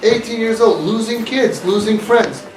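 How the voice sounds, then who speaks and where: An unhurried man whose voice sits high gives a fervent talk to a live audience on behalf of a community organization, dropping in Yiddish and Hebrew terms. The distant mic captures an echoey room and a noisy background.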